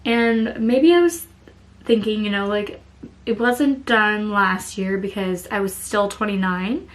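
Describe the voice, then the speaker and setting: A woman's voice: medium pitch, measured pace. A thirty-year-old woman chatting candidly in a casual vlog, swearing now and then. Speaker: vlogger.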